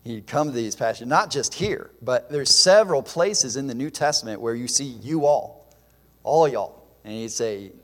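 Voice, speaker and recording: A man's voice: mid-range voice, expressive, normal speed, a bit bright. Man preaching in a reverberant hall. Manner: earnest, emphatic, with fillers and restarts. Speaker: pastor. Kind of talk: sermon.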